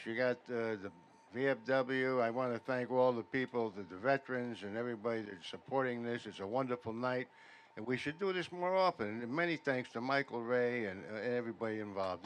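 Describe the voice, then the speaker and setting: A man doing a stand-up comedy set in a veterans' hall, telling deadpan stories that build louder toward each punchline. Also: mid-range voice, a little hiss or hum. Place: veterans' hall function room.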